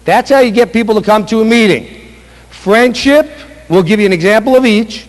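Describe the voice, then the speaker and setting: A man running a sales seminar talks fairly quickly in a voice that sits high. He's a sales trainer giving a motivational talk, speaking emphatically, repeating his main points, and performing mock sales calls, all in a hall with a long echo.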